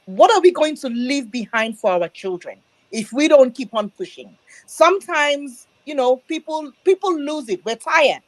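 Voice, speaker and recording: Casting: woman from Nigeria, high voice, dry close sound, passionate political plea. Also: dry recording, poor audio. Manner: emphatic, slow, emotional. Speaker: speaker in an online audio room. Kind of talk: impassioned political speech. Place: abroad, diaspora.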